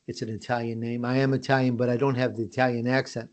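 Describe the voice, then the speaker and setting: An American man chatting as a podcast guest in an easygoing, self-promoting way. He often restarts his sentences and uses fillers. His voice sits at a middling pitch. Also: little pitch movement, quick pace. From United States. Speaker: podcast guest, host of his own show. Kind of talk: casual interview talk.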